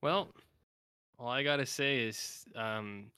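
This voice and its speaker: A Canadian man co-hosts a podcast in a medium-pitched, sharp yet smooth voice, speaking slowly in a dry recording. His chat is casual and rambling, packed with "like" and other filler, and he acts out silly voices.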